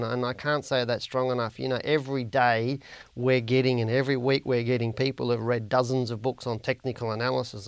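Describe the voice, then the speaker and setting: A man's voice: mid-range voice, fairly bright tone, clear, resonant tone, dry recording. An Australian man hosting a share trading podcast, talking casually through stock charts and viewer questions, blunt and repetitive for emphasis. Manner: chatty and blunt, repeats words for emphasis.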